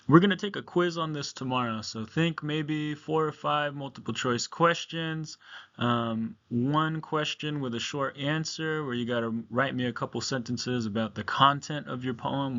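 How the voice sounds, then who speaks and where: A male teacher talks through a lesson on video in a relaxed, conversational way, full of fillers and check-ins. His voice sits at an ordinary middle pitch. The recording is a little muffled and lo-fi, like a computer mic. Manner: casual, talkative, many ums and okays. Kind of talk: recorded classroom lecture.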